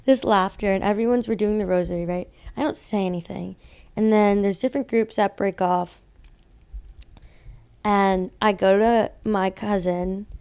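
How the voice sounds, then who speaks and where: A woman's voice: medium pitch, fairly even intonation, moderate pace, darkish tone, clear, resonant tone. A young woman co-hosting a podcast, telling a story in a rambling casual way, full of fillers and laughing at herself. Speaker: podcast co-host telling ghost stories.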